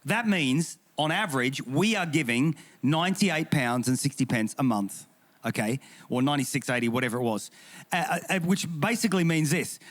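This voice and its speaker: A man's voice: on the high side, lively intonation, moderate pace, fairly bright tone. A man with an English accent, a pastor speaking on a panel, joking and emphatic, with frequent restarts. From England. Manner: humorous, emphatic and indignant, with repeated restarts. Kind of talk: panel discussion talk.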